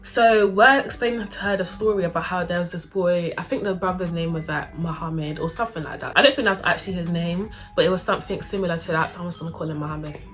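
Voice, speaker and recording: A young woman tells a story in a casual, slangy way. Her voice sits lowish, and she acts out everyone she talks about. Faint music plays underneath. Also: quick pace, few pauses, fairly bright tone.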